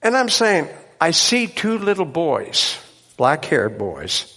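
A man preaching, telling a miracle story in an animated way and laughing at his own tale. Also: on the high side, takes it slowly, big-room sound. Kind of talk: sermon testimony storytelling.

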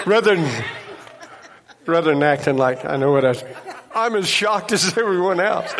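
A man preaching, telling a miracle story in an animated way and laughing at his own tale. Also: on the high side, normal speed, in a large hall. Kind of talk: sermon testimony storytelling.

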